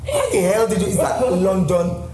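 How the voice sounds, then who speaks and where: A man's voice: high voice, huge pitch swings, moderate pace, crowd noise. A Nigerian man in his forties, a guest in a casual chat, exuberant and theatrical, often breaking into sing-song. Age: 40s. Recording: echoey room with faint music.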